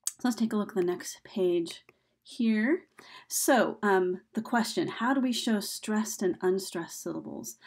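A woman's voice: medium pitch, measured pace, a little mellow, breathy edge. A woman teaching a recorded video lesson in a casual, chatty way, with frequent fillers as she explains.

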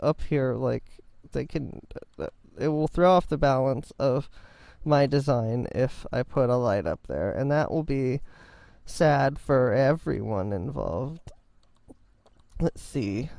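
A man's voice: medium pitch, vocal fry, warm tone, no echo. A man giving rambling, self-mocking, jokey commentary while building in a game. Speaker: game video host. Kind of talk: casual gameplay commentary.

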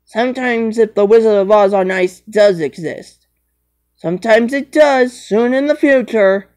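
A woman scolding and bantering through improvised toy play, repeating herself with sudden high loud cries. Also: a little slow. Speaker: vlogger.

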